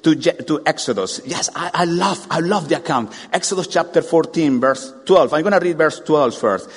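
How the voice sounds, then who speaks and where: A man preaching a sermon, animated, firing rhetorical questions at the congregation. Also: fairly high pitch, normal speed, few pauses, slightly rough. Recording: long hall reverb.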